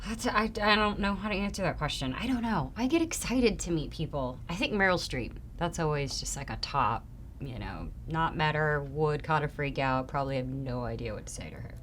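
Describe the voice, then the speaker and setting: A young adult woman answering fan questions in a casual, chatty way, often trailing off softly. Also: low voice, expressive, a little fast, slight background noise. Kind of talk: casual Q&A chat.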